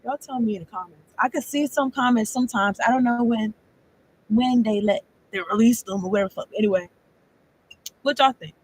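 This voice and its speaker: A woman's voice: on the high side, a little fast, husky, rough recording. A woman giving a casual tarot reading, rambling and profane, laughing often as she talks. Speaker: tarot card reader.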